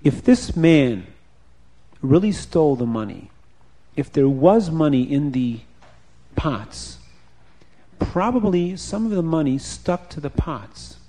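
A man's voice: on the high side, sing-song, slow, pauses often, exaggerated voice. A man doing a kind, earnest young boy. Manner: gentle, earnest.

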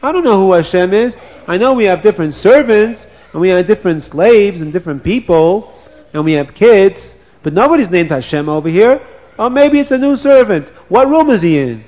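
Man, children's storyteller, animated, playful, high voice. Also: moderate pace. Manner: lively, playful, asks the children questions.

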